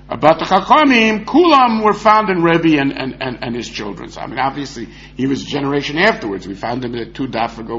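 A man giving a lively, argumentative Talmud lecture, acting out the rabbis he quotes. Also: a little high, slight background noise. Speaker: Talmud teacher. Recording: dull lo-fi recording.

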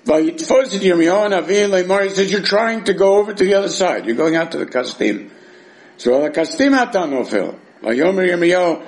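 A man teaching a Talmud class in a fairly high, gravelly voice. He explains the texts with wry, sarcastic asides. His pitch swings a lot as he talks. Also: a little mellow.

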